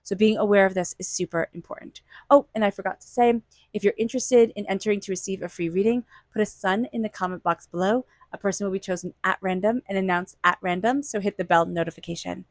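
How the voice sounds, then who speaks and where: Woman, tarot reader, casual and encouraging, middle pitch, dry close recording. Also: fast, no room sound. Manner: earnest, reassuring, repeats phrases. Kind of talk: casual spoken tarot reading.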